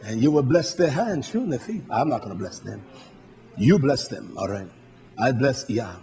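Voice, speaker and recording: A man preaching a sermon, fervent and blunt, swinging from quiet asides to shouted peaks. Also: medium pitch, animated, moderate pace, a little hiss or hum.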